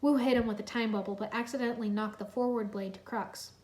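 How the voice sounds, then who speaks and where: A woman's voice: on the high side, steady tone, quick pace, few pauses, darkish tone. A woman reading a fan story aloud in plain storytelling narration. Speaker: reader. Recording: roomy echo.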